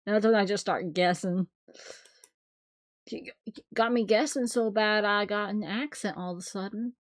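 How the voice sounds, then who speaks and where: A woman streamer reacts casually on a live stream, swinging between hushed remarks and bursts of loud, animated exclamation. Her voice sits in a middle range and sounds dry and close to the mic. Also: mid-range voice, moderate pace, dry recording. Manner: expressive, swearing, laughing often.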